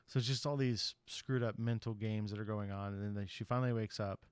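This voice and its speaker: A man's voice: on the low side, fairly even intonation, a little fast, darkish tone, clean tone, no room sound, clean studio sound. A man on a podcast casually retelling a horror movie's plot in a rambling way, acting out the characters' lines and swearing loosely. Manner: loose, profane slang. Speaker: podcast host.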